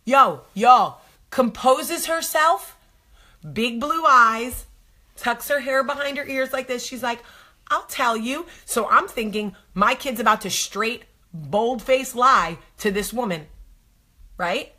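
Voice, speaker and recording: Bright, animated female host telling a casual story, jumps between voices. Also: on the high side, takes it slowly. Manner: animated, acts out voices, swears.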